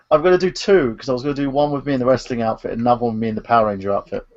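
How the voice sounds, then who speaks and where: A man's voice: mid-range voice, fairly even intonation, very fast. A laid-back, agreeable man chatting on a live stream panel, on dull lo-fi audio. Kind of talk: casual chat on a live stream.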